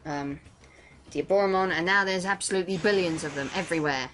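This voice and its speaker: A woman's voice: fairly low pitch, a little fast, a bit bright, soft background music. A woman doing casual let's-play commentary, sarcastic and swearing freely, often laughing.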